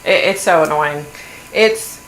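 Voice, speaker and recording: Blunt, gravelly woman chatting. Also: low voice, slow. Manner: animated, blunt, swears. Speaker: livestream host. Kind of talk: casual gossipy chat. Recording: echoey room, faint hum.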